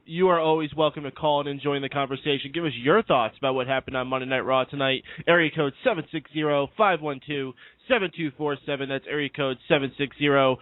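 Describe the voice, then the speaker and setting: Fast-talking host on a tinny line. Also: male voice, on the high side, dry recording. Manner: upbeat, announcer-like, quick. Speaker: lead host. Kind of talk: internet radio post-show chat. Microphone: internet call. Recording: dry tinny call audio.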